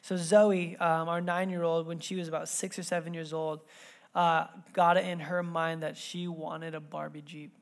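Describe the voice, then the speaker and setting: Animated male pastor telling a story. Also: fairly high pitch, normal speed. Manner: animated storytelling, swinging between loud and hushed. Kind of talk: sermon. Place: church sanctuary.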